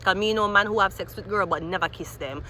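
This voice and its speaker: Woman, tarot reader, bright edge, talks it through out loud. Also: medium pitch, quick pace, slight background noise. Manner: animated, rambling, thinking aloud. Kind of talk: tarot reading monologue.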